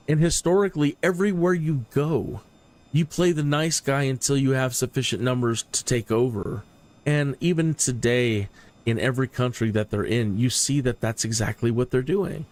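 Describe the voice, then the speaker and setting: A man's voice: mid-range voice, moderate pace, darkish tone. A man hosting a livestream, talking in a rambling, opinionated way and often repeating words. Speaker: flight sim streamer. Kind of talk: casual livestream commentary.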